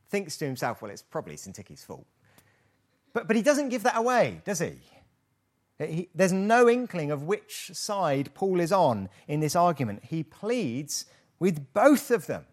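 British male pastor, slow lively sermon delivery, rhetorical tag questions. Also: on the high side. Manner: lively, rhetorical questions, mock-hesitant asides. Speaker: preacher.

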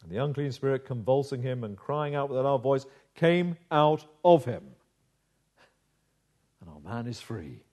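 A man preaching a sermon in a dramatic, measured way, slowing down to stress key phrases. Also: mid-range voice, expressive, dark tone. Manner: dramatic, measured delivery with slowed emphasis.

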